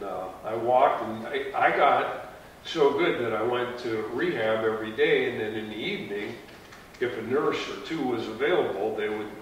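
A middle-aged man tells his story in a plain, unhurried conversational voice, stopping and restarting as he goes. His voice is in the middle range of pitch. He sounds a fair way from the mic in a very echoey room, with faint noise in the background. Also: distant mic. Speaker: heart transplant recipient. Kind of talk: personal story told to an audience.

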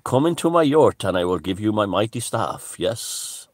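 A man voicing a lecherous, boastful cosplay druid with a put-on Welsh accent, loud and sing-song. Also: on the low side, sing-song, normal speed, no echo, studio quality, pitched above the performer's own voice. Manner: hammy, self-important proclamations.

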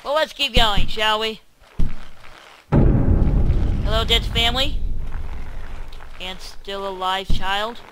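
A teenage boy giving let's-play commentary, groaning and shouting in frustration at the game. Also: high voice, heavy background noise. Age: teens. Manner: exasperated, quick to groan and yell at the game. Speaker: gamer.

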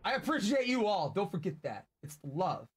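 A man in his late twenties, chatting casually and profanely with his live-stream audience while he plays a game, loud one moment and soft and thankful the next. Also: sits high, normal speed, breathy edge. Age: late 20s. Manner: excitable and profane, swinging between loud outbursts and soft thanks.

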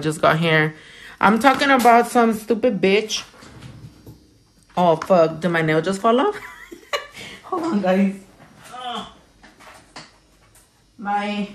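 A woman nail technician in casual livestream chat while doing her nails, blunt and profane as she vents. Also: on the low side. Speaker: nail technician and small business owner.

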